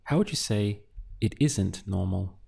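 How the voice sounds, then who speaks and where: A man teaching a beginner language lesson, drilling words syllable by syllable with patient pauses. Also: on the low side, animated, creaky, warm tone, husky. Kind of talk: slow, deliberate language lesson.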